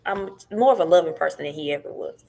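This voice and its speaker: A woman's voice: sits low, fast talker, vocal fry. A middle-aged woman, a podcast guest telling her story in casual talk and acting out what others said. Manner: animated, acts out what others said.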